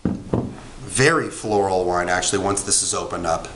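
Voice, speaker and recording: A man's voice: deep voice, a little slow. Man, casual wine reviewer, rambling and chatty with fillers, echoey room with faint noise. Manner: chatty, rambling, frequent ums and self-corrections.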